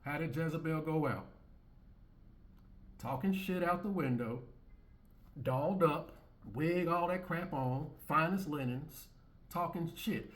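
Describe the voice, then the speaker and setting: A man's voice: on the high side, slow, long pauses. A man hosting his own commentary channel, talking bluntly and repetitively with many restarts and swearing, reacting to clips in an opinionated monologue.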